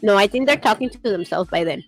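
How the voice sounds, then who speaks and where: Fast-talking woman, animated storyteller, casual chat, faint music under her. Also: medium pitch, rough recording.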